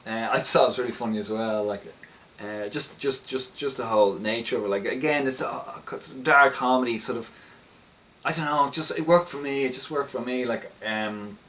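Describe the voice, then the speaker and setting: A young film reviewer with a mid-range, slightly bright voice speaks briskly as he recaps a film he enjoyed, rambling and eagerly restarting his sentences. Faint background noise and a slightly distant mic mark the recording.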